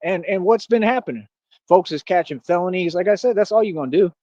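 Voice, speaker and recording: A man's voice: high voice, fast talker, mellow, no room sound. A man ranting on a stream in casual street slang, boastful and confrontational, calling out critics with lots of "like" and "bro". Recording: dull lo-fi stream audio.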